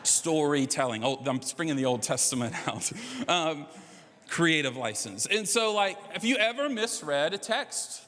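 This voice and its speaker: Casual storytelling preacher with a fairly high voice and long church reverb. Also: male voice, fairly bright tone. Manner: conversational, playful asides. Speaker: pastor. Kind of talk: sermon with storytelling and humor.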